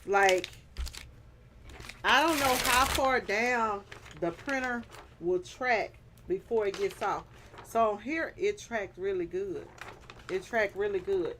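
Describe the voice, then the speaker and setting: Woman, casual vlogger chat, unhurried, playful and teasing, light hiss behind. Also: medium pitch. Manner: laughing hard, playful teasing, Southern slang.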